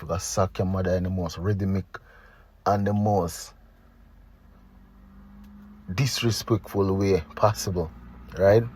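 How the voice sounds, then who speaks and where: A man hosting casual entertainment commentary, relaxed and often tagging his points with a question. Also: low-pitched, dry recording. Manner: relaxed, repeats "right?" as a tag. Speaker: entertainment news host.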